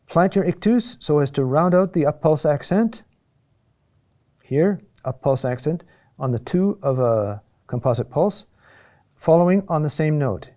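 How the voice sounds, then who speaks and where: Monk teaching chant, mellow voice. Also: male voice, a little high. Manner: explains in short phrases with many "uh"s and asides of "huh?"; sings chant phrases slowly in Latin. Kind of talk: chant lesson.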